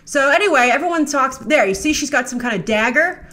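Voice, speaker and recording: Lively chatty woman breaking down a trailer. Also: high-pitched, brisk. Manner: chatty and sarcastic, puts on mocking voices for characters. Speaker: host. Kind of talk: casual trailer breakdown commentary.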